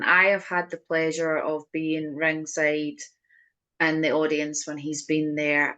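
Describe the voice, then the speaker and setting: A woman co-hosting a podcast in casual chat, chatty, with quick asides. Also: sits low, a bit bright. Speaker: podcast co-host. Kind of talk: casual chat recapping wrestling.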